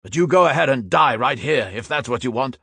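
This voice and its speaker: A man's voice: medium pitch, animated, a little fast, vocal fry, bright, forceful tone, slightly rough, no echo, studio quality, voice pushed up, exaggerated voice. A man doing a blunt hardened veteran soldier. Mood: scornful. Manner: blunt, urgent, insistent. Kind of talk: audiobook narration.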